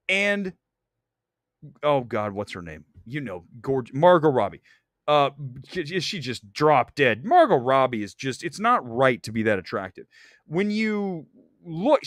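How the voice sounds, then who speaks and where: A man hosting a casual movie talk livestream, rambling and animated, slipping into quick impressions. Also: on the high side, no echo, clean studio sound. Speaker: host of a movie talk stream.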